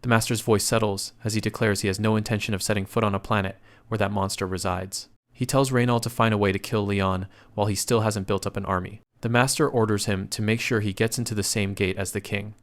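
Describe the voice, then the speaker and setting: A man narrating a comic story recap in a steady, scripted storytelling delivery. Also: on the low side, fast talker, hardly any pauses.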